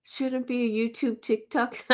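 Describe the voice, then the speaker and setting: Older woman, livestream host, casual rant, blunt, exasperated, slow delivery, fairly high voice. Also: flat delivery, a bit bright. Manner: exasperated, blunt, laughs and stammers.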